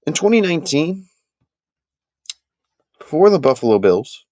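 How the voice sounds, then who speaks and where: A man with a medium-pitched voice hosts a casual live sports talk stream, recorded with no echo. He chats with his viewers and makes animated, emphatic points.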